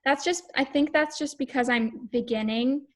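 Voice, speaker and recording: A woman's voice: sits high, normal speed. A woman, a voice student, chatting casually and searching for words as she talks. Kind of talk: casual chat.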